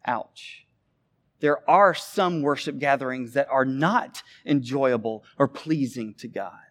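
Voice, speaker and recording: A man preaching a sermon, animated, with big swings between loud emphasis and quiet asides. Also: mid-range voice, a little slow. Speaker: pastor.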